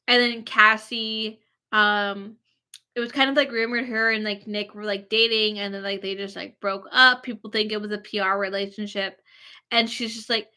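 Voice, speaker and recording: Bright, chatty woman vlogger. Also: mid-range voice, fairly even intonation, normal speed. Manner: gushing, filler-heavy, rambling. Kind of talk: casual chat.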